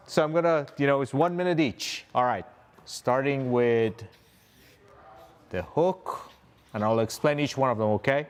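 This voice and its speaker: Methodical male marketing instructor. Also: mid-range voice. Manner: methodical, walks through a numbered list. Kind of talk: live teaching presentation.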